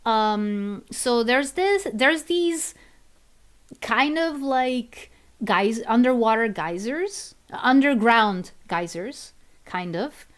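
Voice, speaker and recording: Streamer lady, kinda high voice, talks slow, rambly, laughs a lot. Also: expressive. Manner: rambling, restarts often, laughs easily, switches to Portuguese. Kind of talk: casual chat while worldbuilding.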